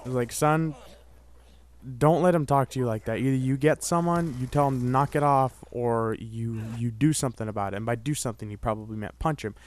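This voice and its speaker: A man's voice: mid-range voice, fairly quick. A young man vlogging, telling a personal story in a rambling, casual way, full of "like" and "you know".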